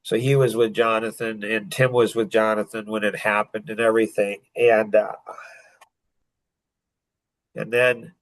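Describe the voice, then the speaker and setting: Older man, halting emotional retelling. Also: lowish voice, level tone, dry recording, rough recording. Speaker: podcast guest. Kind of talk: personal storytelling.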